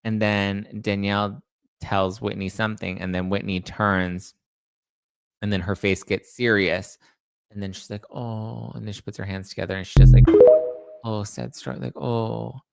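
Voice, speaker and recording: A man's voice: on the low side, flat delivery, normal speed, clear, resonant tone, dry recording, soft background music. A man hosting a celebrity gossip show, chatting casually in a rambling way and reading out viewer comments. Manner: rambling, chatty, restarts and self-corrects. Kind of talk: casual chat.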